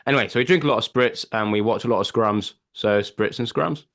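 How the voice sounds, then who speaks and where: A man's voice: fairly low pitch, quick pace, fairly bright tone, dry recording, studio quality. A man guesting on a podcast, chatting casually and joking.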